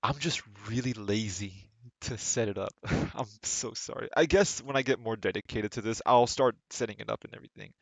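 A man's voice: lowish voice, normal speed, creaky, no echo. A man streaming a game live and chatting casually, rambling and tripping over repeated words. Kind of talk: casual live gameplay chat.

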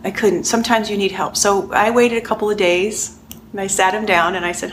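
A middle-aged woman giving a conversational coaching lesson, animated and repeating points for emphasis. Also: mid-range voice, fairly quick, slight background noise. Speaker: life coach.

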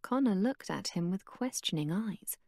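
Clean studio audio with no echo captures a woman's medium-pitched voice at a moderate pace. She reads scripted audiobook narration in an even, steady storytelling style.

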